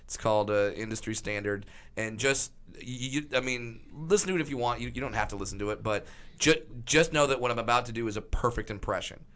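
An excitable man chatting casually on a podcast, stumbling over his words as he rushes ahead. His voice is bright and ringing. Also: mid-range voice. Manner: excitable, stammering, laughing.

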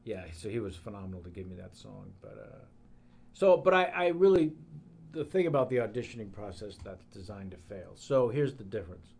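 A man, a comedian guest, telling stories in casual studio talk, swearing freely and bursting into animated stretches. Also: lowish voice, brisk, gravelly, breathy edge.

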